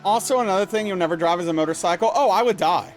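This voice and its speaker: A man's voice: high voice, fast talker, faint music behind. A young man from Louisiana chatting casually with viewers on a livestream, reading chat aloud and answering playfully with bursts of mock outrage. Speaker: streamer.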